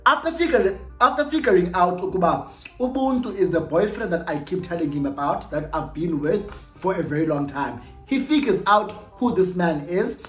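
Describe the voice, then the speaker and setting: A woman's voice: fairly low pitch, normal speed, roomy sound, faint music behind. South African woman telling a story. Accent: South African, mixing in Xhosa. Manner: animated, code-switching between English and Xhosa, repeats "no, no, no" and "yabo". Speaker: storytime vlogger. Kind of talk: casual storytelling.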